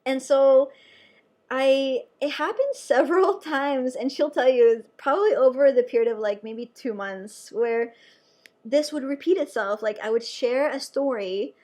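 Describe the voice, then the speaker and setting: A young adult woman, a nurse, telling a personal story to camera in a chatty, animated way with lots of fillers. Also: high voice, unhurried.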